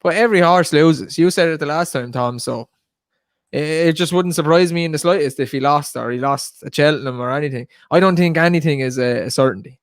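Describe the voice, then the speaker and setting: A man's voice: a little high, fairly quick, no echo, studio quality. A man co-hosting a casual podcast, hesitant and full of "like" and "uh". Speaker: podcast co-host. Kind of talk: casual banter.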